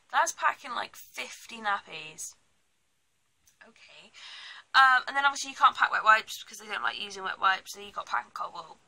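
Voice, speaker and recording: A woman's voice: a little high, vocal fry, sharp tone, low-quality recording. A young British woman chatting bluntly in a casual pregnancy vlog, ranting and laughing as she talks. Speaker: vlogger.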